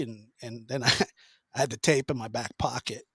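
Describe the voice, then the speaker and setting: Animated man telling a story. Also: medium pitch, a little fast, husky, no echo, clean studio sound. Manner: animated storyteller, acts out voices, laughs often. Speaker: podcast host. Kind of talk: casual chat.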